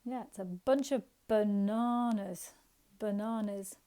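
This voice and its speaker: In a slow, sing-song manner, a woman with a medium-pitched, dark-toned voice gives young children a phonics lesson. She sounds out letters, asks questions, and keeps her tone encouraging.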